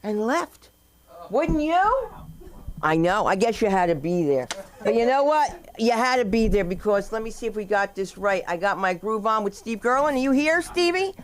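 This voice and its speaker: A woman's voice: mid-range voice, a little fast. A woman hosts a comedy open mic, telling stories and bantering with the comics in a chatty, teasing way. Her voice sits in an ordinary middle range.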